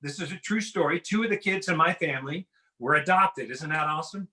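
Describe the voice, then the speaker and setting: A man's voice: on the high side, brisk, bright, forceful tone. A middle-aged man performing a conversational, self-deprecating stand-up set from his home over a video call. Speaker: stand-up comedian. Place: home in a house.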